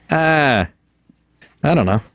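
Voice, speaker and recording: A man's voice: a little high, a bit bright. A man hosting a radio call-in show, brash and joking, laughing a lot and tripping over his words. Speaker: radio talk show host. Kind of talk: casual call-in talk.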